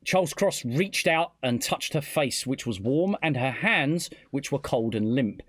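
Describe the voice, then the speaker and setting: A man's voice: medium pitch, expressive, unhurried, dry recording. A British man hosting a podcast, reading a true-crime story aloud with stumbles and self-corrections. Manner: reads the story aloud with stumbles, laughs a lot. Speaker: podcast host. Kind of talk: casual podcast narration.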